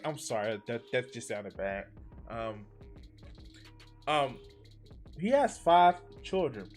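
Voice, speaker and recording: A man's voice: mid-range voice, sing-song, takes it slowly, pauses often, faint music behind. A man streaming live, reacting to a speech with profane, exasperated and sarcastic commentary that often trails off and restarts mid-sentence.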